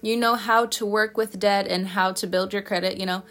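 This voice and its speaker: A woman's voice: mid-range voice, fairly even intonation, normal speed, a bit bright. A woman giving a casual tarot reading, chatty and playful, often laughing and scolding her listeners in fun. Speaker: tarot reader.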